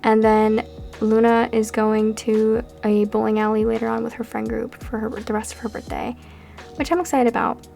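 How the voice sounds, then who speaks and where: A woman's voice: a little high, little pitch movement, normal speed, gravelly, a little mellow. A nineteen-year-old woman from Canada, chatting in a rambling, tired way while narrating a game build at home. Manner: rambling and chatty, with frequent fillers. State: tired and a bit out of breath. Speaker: Sims builder and YouTuber. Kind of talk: casual chat over a speed build. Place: home room during a storm. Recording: background music.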